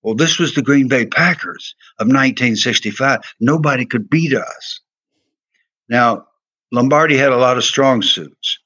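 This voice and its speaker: A man's voice: mid-range voice, a little slow, pushed and bright. An older man with a Southern accent, a former football player and coach telling earnest, emphatic stories in an interview. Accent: American Southern. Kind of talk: storytelling interview.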